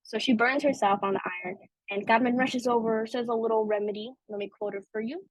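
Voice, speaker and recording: A woman's voice: on the high side, steady tone, brisk, no echo, poor audio. A young adult woman hosting a podcast, talking through a film in a casual, chatty way with lots of "like" and "you know". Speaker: podcast host.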